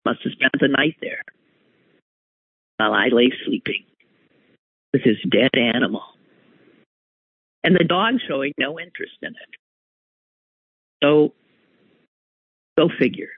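A man telling a personal anecdote in an animated, exclaiming way, breaking off and restarting mid-sentence. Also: medium pitch, measured pace, pauses often, breathy edge, no echo. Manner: animated, exclaiming, self-interrupting. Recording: tinny phone-like line, dry.

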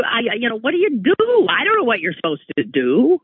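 A man telling a personal anecdote in an animated, exclaiming way, breaking off and restarting mid-sentence. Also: high-pitched, a little fast, hardly any pauses, slightly rough, no echo. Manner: animated, exclaiming, self-interrupting. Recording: tinny phone-like line, dry.

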